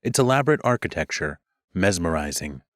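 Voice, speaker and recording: Wry low-voiced male narrator. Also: sing-song, fairly quick, fairly bright tone, no room sound, studio quality. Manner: wry, sardonic storytelling. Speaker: audiobook narrator. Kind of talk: scripted narration.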